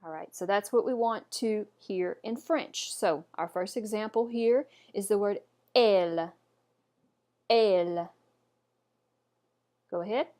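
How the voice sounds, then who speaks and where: A woman teaching French pronunciation in a patient lesson, saying each word slowly and repeating it for learners. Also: mid-range voice, darkish tone. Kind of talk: instructional lesson. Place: indoors, camera off.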